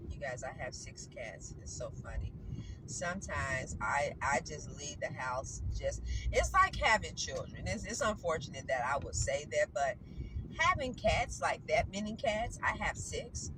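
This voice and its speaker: A woman's voice: low voice, big pitch swings, unhurried. A woman vlogger with a stuffy nose from a cold, chatting casually and rambling to her viewers while out on errands. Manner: rambling, chatty, self-correcting. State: congested with a cold. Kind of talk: casual chat to camera. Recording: noisy vehicle background.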